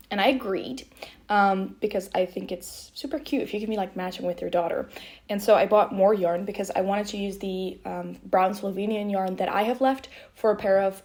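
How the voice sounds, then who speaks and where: Chatty twenties woman host, American accent, rambling with "like" fillers, middle pitch, at home. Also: darkish tone. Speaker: knitting podcast host. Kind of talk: casual chat.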